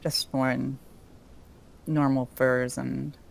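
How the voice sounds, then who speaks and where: A woman describing her character's actions in a tabletop game, measured and calm. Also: very deep voice, gravelly, slight background noise. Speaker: player.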